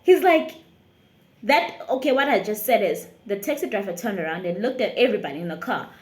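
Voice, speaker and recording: A South African woman, a YouTuber, telling a lively storytime tale with frequent laughter. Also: medium pitch, a little fast, reverberant. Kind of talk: storytime vlog.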